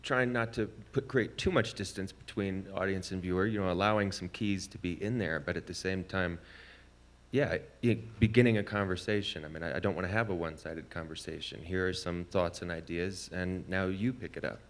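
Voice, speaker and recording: A man's voice: low voice, a little fast. A man filmmaker on a festival panel, talking casually and searching for words. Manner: casual, searching, restarts often. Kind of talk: panel discussion.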